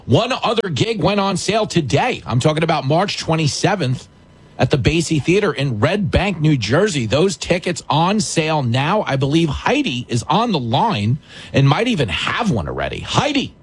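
Chatty male radio host with a lively voice. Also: a little high, normal speed, husky. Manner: chatty, jokey, self-deprecating. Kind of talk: casual call-in radio chat.

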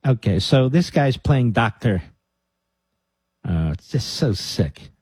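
A man's voice: medium pitch, sing-song, takes it slowly, darkish tone, slightly rough, dry recording. A man hosting a talk radio show, sarcastic and combative, stopping clips to mock them.

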